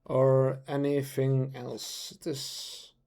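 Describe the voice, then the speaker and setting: A man's voice: medium pitch, monotone, extremely slow, dark tone, smooth. A man chatting casually on a live stream, rambling playfully with lots of fillers as he talks about his voice-acting hobby.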